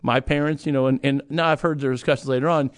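A man's voice: mid-range voice, steady tone, fast talker, smooth. A middle-aged man talking casually as a host, rambling with restarts and fillers and chuckling now and then. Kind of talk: casual conversational chat.

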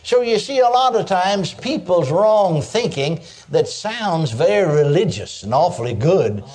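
An older man preaches unhurriedly, his mellow, warm voice pitched fairly high for a man. The sermon feels homey and animated, peppered with praise asides between points.

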